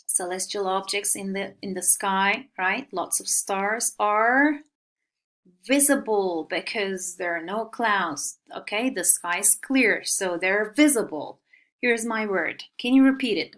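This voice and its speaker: Slow, clear-spoken woman teaching vocabulary. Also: medium pitch, a bit bright. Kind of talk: recorded online vocabulary lesson.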